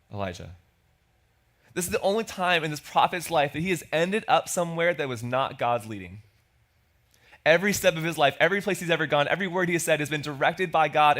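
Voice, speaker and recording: A man's voice: fairly high pitch, a bit bright. A man preaching a sermon as pastor, in a conversational way, acting out quoted lines. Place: church.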